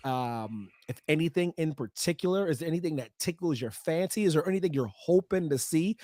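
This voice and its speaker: Wrestling show host, man, slightly high voice, dry close mic, animated delivery. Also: normal speed, dry recording. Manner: animated, swings between loud and quiet. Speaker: podcast host. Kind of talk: casual wrestling podcast chat.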